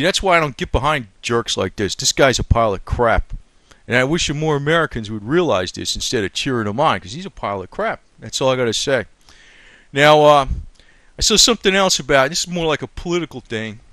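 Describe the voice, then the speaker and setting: A man's voice: a little high, fairly bright tone, dry recording. A man giving a casual, off-the-cuff commentary, blunt and crude, talking heatedly and dropping lots of fillers. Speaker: political commentator. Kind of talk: casual off-the-cuff video rant.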